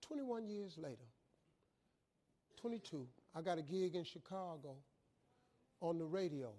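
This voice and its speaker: Male motivational storyteller, high-pitched and animated. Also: measured pace. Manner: animated, colloquial, acts out dialogue. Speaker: motivational speaker. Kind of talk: storytelling speech.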